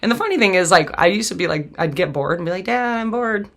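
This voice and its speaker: Gravelly-voiced woman telling her story bluntly. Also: on the low side, lively intonation, racing. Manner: blunt and profane, laughing through hard memories. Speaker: podcast host. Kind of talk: candid personal storytelling.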